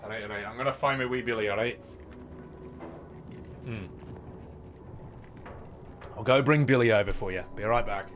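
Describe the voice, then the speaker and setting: A man's voice: on the low side, moderate pace, pauses often, a bit bright, a little hiss or hum. A man streaming and chatting casually with his viewers, playful and swearing, cooing at his cat. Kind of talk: casual live-stream chat.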